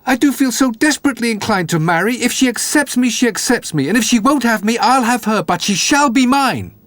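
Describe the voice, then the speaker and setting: A man voicing a cheerful, foolish young country lad who talks excitedly and whoops aloud. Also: very high-pitched, a little fast, no room sound, voice pushed up. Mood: eager.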